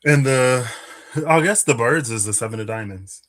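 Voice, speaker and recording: A man's voice: mid-range voice, moderate pace, a bit bright. A man giving a casual live card reading, musing aloud with many fillers and little laughs, a bit out of breath. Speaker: tarot and Lenormand card reader.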